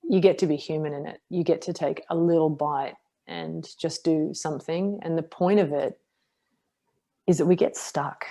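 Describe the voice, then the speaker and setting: A middle-aged woman with a notably low voice talks through a hard stretch of her life on a podcast. She is frank and self-deprecating, acting out the lines she and others said. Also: moderate pace, vocal fry. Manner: frank, self-deprecating, animated retelling with acted quotes. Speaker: podcast guest, martial artist. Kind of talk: candid interview storytelling.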